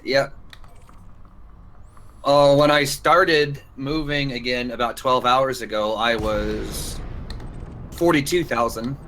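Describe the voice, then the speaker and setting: A man's voice: medium pitch, slow, long pauses, a bit bright, a little hiss or hum. A tired man guesting on a casual gaming stream, laid-back and reluctant. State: tired after long wakefulness.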